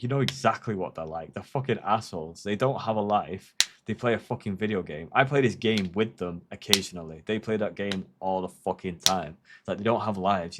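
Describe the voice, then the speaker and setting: A man in his thirties with a very deep, low-pitched voice talks casually to his stream. He rambles and reflects, swearing freely, in a loose conversational flow. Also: background noise. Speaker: livestreamer. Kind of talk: casual chat on a livestream.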